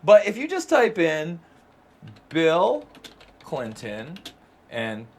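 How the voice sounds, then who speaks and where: Animated, swearing male host. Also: on the high side, extremely slow. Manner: animated, profane, emphatic. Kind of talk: casual livestream chat.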